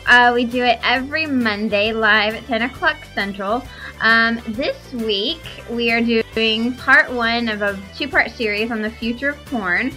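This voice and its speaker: A woman's voice: a little high, bright, forceful tone, low-quality recording. A woman hosting a casual talk radio show, chatty, with many ums and frequent laughs. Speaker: host.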